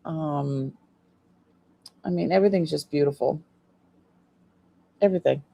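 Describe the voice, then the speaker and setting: A woman with a fairly low voice talks slowly and loosely on a live stream, drifting between thoughts with lots of ums. She sounds sleepy and unhurried. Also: vocal fry, dark tone. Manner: chatty, rambling, trails off with fillers. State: sleepy, yawning. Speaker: jewelry seller on a live stream. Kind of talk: casual live-stream chat.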